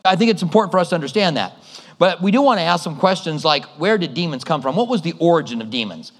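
A middle-aged pastor preaches a sermon in a large hall with long reverb, telling stories conversationally and acting out other people's voices. His voice is a little high, expressive and a bit bright, and he talks fast.

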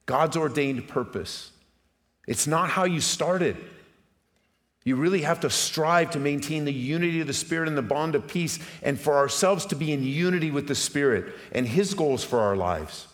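A middle-aged man preaching a sermon to his congregation, passionate and direct, asking rhetorical questions and swinging between hushed and loud emphatic moments. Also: fairly high pitch, lively intonation, moderate pace. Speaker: pastor. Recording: long reverb of a large hall.

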